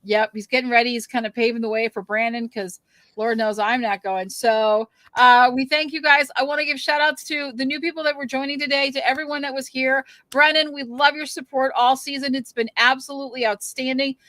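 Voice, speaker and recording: A woman's voice: high-pitched, steady tone, a little fast, a bit bright, no room sound. A woman hosting a fan podcast, wrapping up in a chatty, rambling way with plenty of ums and thank-yous. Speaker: podcast host. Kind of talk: casual show wrap-up chat.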